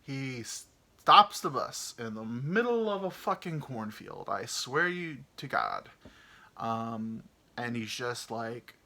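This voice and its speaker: A man's voice: mid-range voice, expressive, unhurried, fairly bright tone. A man hosting a podcast, telling a comic story in a rambling, profane way with lots of fillers. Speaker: podcast host. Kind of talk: casual comedic storytelling.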